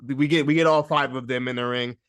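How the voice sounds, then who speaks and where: A man hosting a casual wrestling podcast, talking in an animated way, laughing often and restarting his sentences. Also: medium pitch, brisk, clean tone, dry recording. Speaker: podcast host.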